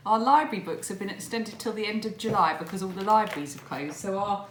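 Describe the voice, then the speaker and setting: A woman's voice: mid-range voice, fast talker, echoey room, heavy background noise. A woman from England, chatting casually in a home vlog and laughing often. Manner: chatty, laughs often, reads a long list. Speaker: vlogger. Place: home room at a table.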